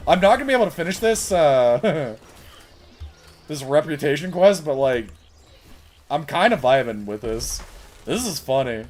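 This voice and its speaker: A man giving live, excitable commentary while playing a video game, laughing and shouting commands to a pet. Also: fairly high pitch, slow pace, pauses often, soft background music. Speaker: game streamer.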